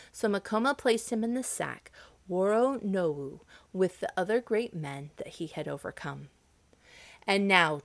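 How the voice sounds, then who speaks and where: A woman narrating a folk tale in an expressive storybook style. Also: on the low side, dry recording. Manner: expressive, dramatic reading.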